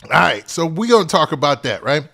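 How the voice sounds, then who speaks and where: Man, livestream host, relaxed casual delivery, slightly high voice, keeps tossing in "man". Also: fairly quick, gravelly. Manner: laid-back, repeats "man" and "what's up" often. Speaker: host of a hip-hop news livestream. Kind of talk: casual livestream shout-outs.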